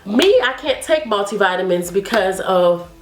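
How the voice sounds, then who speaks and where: A woman's voice: mid-range voice, animated, moderate pace, reverberant, background noise. A woman vlogging about hair care in a chatty, upbeat and encouraging way. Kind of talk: casual vlog talk to camera.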